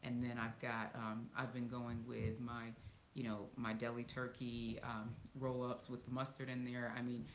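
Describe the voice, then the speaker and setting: Woman, low-pitched, chatty, lots of ums, echoey home room, light hiss. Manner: chatty, laughs often, many ums. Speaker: vlogger answering viewer questions. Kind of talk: casual live Q&A chat.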